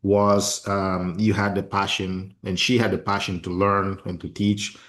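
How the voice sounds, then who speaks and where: Low-voiced guy, english not his first language, hosting a podcast chat, passionate and expressive, keeps restarting his sentences. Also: measured pace. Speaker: podcast host. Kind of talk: casual interview conversation.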